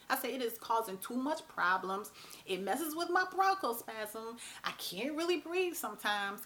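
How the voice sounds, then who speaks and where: A woman's voice: on the high side, normal speed. A woman, talking casually and bluntly to camera as a vlog host. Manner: animated, chatty, blunt, mild cursing.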